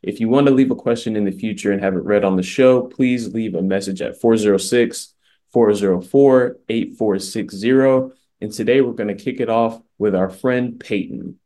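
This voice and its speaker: A man reads the intro to a listener-question segment in an upbeat, scripted way. His voice sits a little on the low side. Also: moderate pace, warm tone. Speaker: show announcer.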